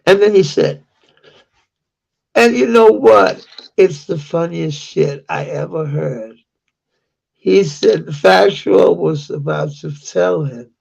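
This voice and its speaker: Gravelly Danish-accented man ranting. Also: on the high side, takes it slowly, pauses often, a little mellow, dull audio. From Denmark. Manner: heated, profane, repetitive ranting. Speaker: vlogger. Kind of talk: angry rant to camera.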